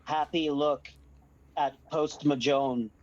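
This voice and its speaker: A man's voice: fairly high pitch, steady tone, slow, highs cut off, heavy background noise. A man playing a tabletop game, stammering as he describes his character's feelings. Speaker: player.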